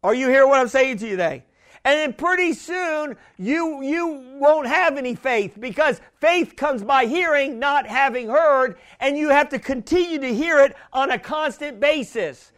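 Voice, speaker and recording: Male preacher, very high voice, emphatic and repeating himself, building to shouts. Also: lively intonation, normal speed. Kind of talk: sermon.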